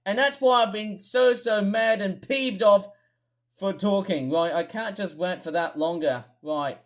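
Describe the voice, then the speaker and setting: A grumpy vlogger who rambles through a ranting commentary, often restarting and suddenly bursting into shouts. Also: medium pitch, unhurried. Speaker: toy review vlogger.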